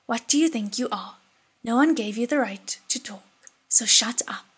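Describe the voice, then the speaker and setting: A woman reading an audiobook voices a proud young crown prince who shouts in rage. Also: very high-pitched, moderate pace, breathy edge, full character voice. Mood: furious. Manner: shouting angrily.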